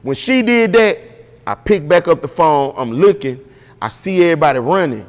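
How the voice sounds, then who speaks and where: Animated high-voiced man telling a story. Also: normal speed, in a large hall. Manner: animated, slangy, repeats "bro". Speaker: interview guest, impersonator. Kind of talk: casual storytelling.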